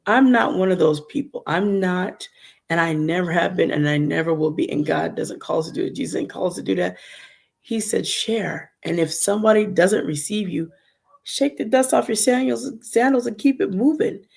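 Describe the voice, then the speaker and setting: Gravelly low-voiced woman hosting a devotional podcast. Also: normal speed. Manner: animated, emphatic, talks to the chat. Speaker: podcast host. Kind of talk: casual devotional livestream talk.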